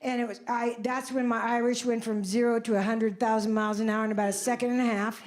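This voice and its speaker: A woman's voice: fairly high pitch, flat delivery, fast talker, a little mellow. A woman in her seventies doing live stand-up comedy, telling stories in a brash, self-mocking way with big exclamations. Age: 70s. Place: comedy club stage. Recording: club stage mic with audience noise. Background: audience laughter.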